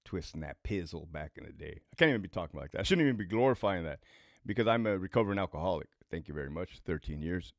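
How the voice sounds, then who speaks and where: A man in his forties talks on a casual livestream, blunt and profane, and hammers his points home by repeating them. His pitch swings a lot as he tells his stories. The sound is close and dry. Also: animated, fast talker, dry recording. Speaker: former prison lieutenant turned online host.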